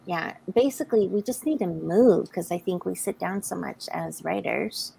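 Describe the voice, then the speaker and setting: A woman's voice: lowish voice, expressive, normal speed, creaky, mellow, slightly rough, low-quality recording. An American woman hosting a live writing stream, chatting casually, laughing often and reading viewer comments aloud. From United States. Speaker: livestream host.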